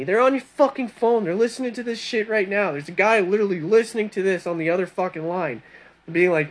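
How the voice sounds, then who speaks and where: A man's voice: high-pitched, fast talker. A man ranting in a rambling monologue, swearing constantly and mocking people with heavy sarcasm. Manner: rambling, animated storytelling. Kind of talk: profane monologue rant.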